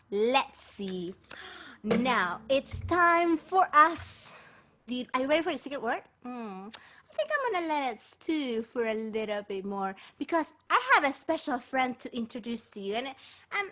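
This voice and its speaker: Children's entertainer, woman; unhurried, very animated pitch, coaxing the kids along. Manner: playful and encouraging, talking to children. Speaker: children's performer. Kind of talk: bilingual children's show hosting.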